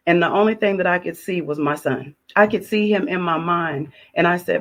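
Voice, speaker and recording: A woman's voice: fairly low pitch, moderate pace, hardly any pauses, fairly bright tone. A woman sharing her personal testimony, telling it with emotion, repeating key phrases and acting out her own prayers.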